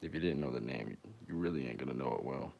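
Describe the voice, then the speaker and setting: A young man with a very deep, low voice rambles through crude, joking banter with his viewers. He talks off the cuff and swears freely, the way a musician chats on a casual livestream. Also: fast, vocal fry, darkish tone, highs cut off, slight background noise.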